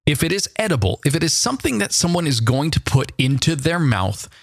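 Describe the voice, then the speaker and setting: A podcast co-host in casual chat, teasing and arguing in quick banter. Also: medium pitch, very animated, gravelly, slightly rough, no echo, studio quality.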